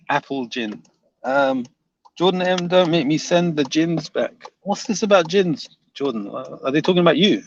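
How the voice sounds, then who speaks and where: A man's voice: fairly high pitch, animated, a little slow, pauses often, highs cut off. A man hosting a casual livestream, reading viewer comments aloud and teasing them, laughing often.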